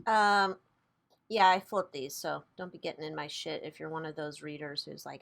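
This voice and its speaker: A woman's voice: sits low, lively intonation, fairly quick, vocal fry, a bit bright. A woman hosting a casual tarot reading vlog, chatty and loose, who swears freely and laughs at herself. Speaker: tarot reader and channel host.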